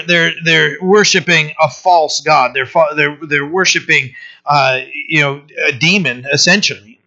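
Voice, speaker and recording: A man with a fairly high, bright voice preaches in a loose, conversational way, often stumbling back over his words and tagging lines with "right?". The recording is dull and lo-fi. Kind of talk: conversational sermon.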